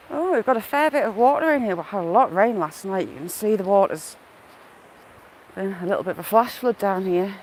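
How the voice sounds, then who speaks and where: A woman's voice: mid-range voice, expressive, fairly quick, darkish tone, a little hiss or hum, rough recording. A woman out of breath on an outdoor walk, chatting casually on a live stream and greeting viewers by name. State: a bit out of breath. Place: outdoors on a woodland walk by water.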